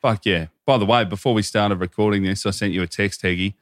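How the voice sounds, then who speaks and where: An Australian man in his thirties tells rambling, swear-filled stories in easy podcast chat. His voice sits low and comes across dry and close, with no room sound around it. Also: fairly even intonation, quick pace, no echo. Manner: profane, rambling anecdotes. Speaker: podcast co-host. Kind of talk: casual chat.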